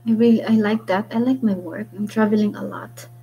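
A young adult woman with a Filipino accent chatting casually with viewers on her vlog, thinking aloud with lots of ums and pauses. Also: mid-range voice, steady tone, gravelly, warm tone, highs cut off, a little hiss or hum. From Philippines. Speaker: vlogger. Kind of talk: casual live-stream chat with viewers.

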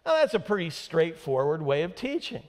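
A man's voice: on the high side, very animated, moderate pace, darkish tone. A male pastor giving a sermon, emphatic and conversational with dry humor. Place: church sanctuary. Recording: long hall reverb in a church.

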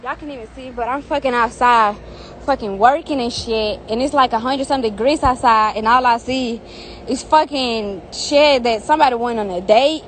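A woman's voice: fairly high pitch, moderate pace, a bit bright, slight background noise. A young woman on a phone live stream outdoors, ranting heatedly with lots of profanity and repetition. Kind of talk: angry live-stream rant. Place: outdoors in the heat.

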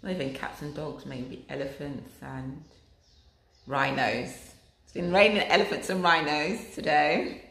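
A woman's voice: low-pitched, a little slow, gravelly, fairly bright tone, echoey room. A young woman chatting casually and jokingly while vlogging her errands from the car and shops. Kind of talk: casual vlog chat. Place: car and shops during rainy season.

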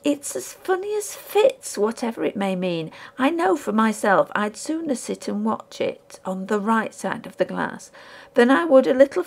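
A woman's voice: fairly high pitch, gravelly, darkish tone, heavily acted. A woman voicing a ghoulish, gloating male collector of crime relics who talks in sniggering, gluttonous whispers, in a storybook reading.

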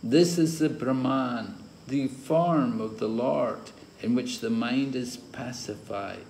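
A man, a spiritual teacher, giving a scripture class lecture and explaining terms step by step in a slow, deliberate way, with an occasional chuckle. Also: mid-range voice, gravelly, a little mellow. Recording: roomy echo with faint ambient noise.

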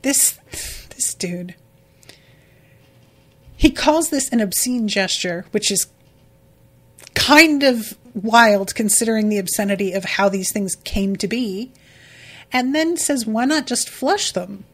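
A woman's voice: mid-range voice, animated, takes it slowly, long pauses. A woman hosting a book podcast, losing her voice, talking bluntly and profanely about what she reads. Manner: blunt, profane, exasperated commentary. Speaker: podcast host. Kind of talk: casual book-discussion podcast.

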